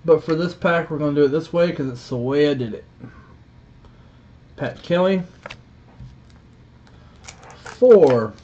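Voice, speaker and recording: A man's voice: a little high, normal speed, long pauses. A man with a Southern accent hosting a live stream, casually joking with viewers as he opens card packs. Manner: relaxed, joking, chatty. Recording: dull lo-fi stream audio.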